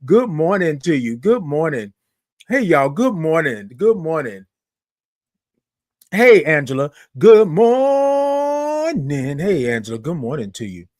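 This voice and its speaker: A man hosts a relaxed morning livestream, talking easily to his viewers and greeting each one by name. His voice sits a little high for a man. The sound is dry and close, with the microphone right at his face. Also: no echo. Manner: chatty, greets viewers by name, drawn-out sung "good morning". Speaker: livestream host. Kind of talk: casual livestream talk.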